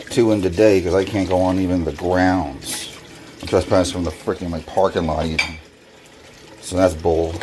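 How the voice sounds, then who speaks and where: A man vlogging while he washes dishes at a kitchen sink, telling an upsetting story in an agitated way and getting louder when he recounts arguments. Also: low voice. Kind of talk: casual vlog monologue. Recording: noisy room with running water. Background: running water and dish washing.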